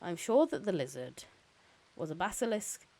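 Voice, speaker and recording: A woman reading a soft-spoken male biologist. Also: fairly low pitch, big pitch swings, normal speed. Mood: reassuring. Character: friendly male field biologist, softly spoken.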